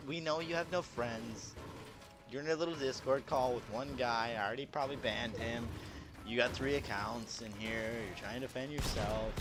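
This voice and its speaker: A young man streaming a game, ranting at chat in a profane, sarcastic, mocking way. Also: mid-range voice. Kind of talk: heated livestream rant. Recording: steady background noise.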